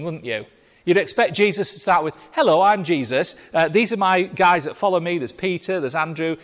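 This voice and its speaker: A British man preaching a sermon in a chatty, wry way, reading scripture and talking with the congregation. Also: on the high side. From Britain. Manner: conversational, wry asides to the congregation. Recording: reverberant hall.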